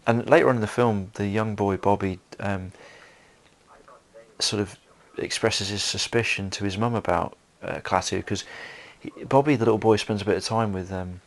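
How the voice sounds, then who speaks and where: Man, gravelly, low voice, rambling film commentary, lots of fillers. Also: steady tone, normal speed. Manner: rambling, many fillers and restarts.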